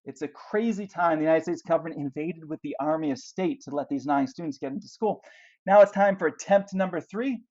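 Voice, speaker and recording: A man delivers a classroom history lecture, walking listeners through pictures and posing rhetorical questions along the way. His voice sits a little high for a man. The recording sounds dull and lo-fi. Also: brisk, mellow. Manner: explanatory, asks rhetorical questions, points to pictures. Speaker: history teacher.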